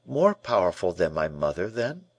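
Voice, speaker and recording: A proud, earnest young prisoner who presses each question with quiet defiance, read by a man. The voice sits a little above a low baseline, with lively rises and falls. The sound is close and dry. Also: normal speed, no echo, exaggerated voice.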